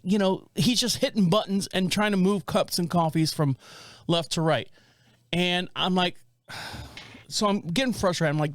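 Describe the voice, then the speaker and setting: A man's voice: high-pitched, normal speed, no echo. Man, forties, podcast co-host, rambling anecdotes, dry close mic. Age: 40s. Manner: rambling, animated storytelling with frequent restarts. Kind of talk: casual storytelling chat.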